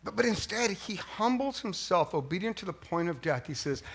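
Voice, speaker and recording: A middle-aged man preaching a sermon as pastor, animated and swinging from hushed lines to near yelling. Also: high voice, moderate pace, gravelly, few pauses, husky.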